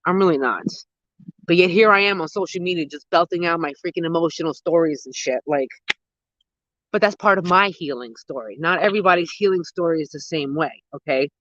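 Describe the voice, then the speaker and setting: A gardening host in their thirties, chatting casually with live viewers outdoors at dusk. They ramble excitedly and use a lot of slang. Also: medium pitch, brisk, dry recording, dull audio. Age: 30s. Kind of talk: casual live-stream chat answering viewers.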